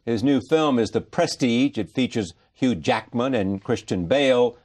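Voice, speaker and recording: Husky-voiced male interviewer, teasing. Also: medium pitch, normal speed, a little mellow. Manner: teasing, prods the guest. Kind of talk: interview hosting.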